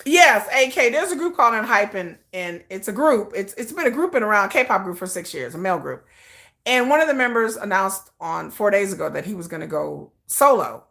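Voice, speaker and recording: A woman's voice: medium pitch, sing-song, a little fast, creaky, a bit bright. A middle-aged woman hosting a casual livestream, talking animatedly with chat, laughing often and swearing freely. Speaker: livestream host.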